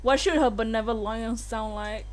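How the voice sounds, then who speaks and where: A woman's voice: fairly high pitch, steady tone, moderate pace, darkish tone. A young woman streaming a game live, giggly and playful, laughing often as she chats.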